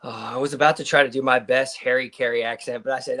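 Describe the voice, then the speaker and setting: A man co-hosting a sports betting show, easygoing and quick with a joke. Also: medium pitch, steady tone, a bit bright. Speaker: co-host. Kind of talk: casual betting show chat.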